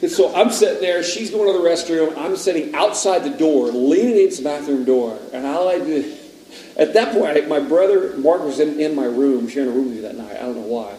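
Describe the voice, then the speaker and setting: A man who is a father, telling a childhood story in a casual, animated way on a podcast, often laughing. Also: a little high, brisk. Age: adult father. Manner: animated, laughing, rises to loud retellings. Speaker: podcast speaker. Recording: roomy, distant mic with faint background noise.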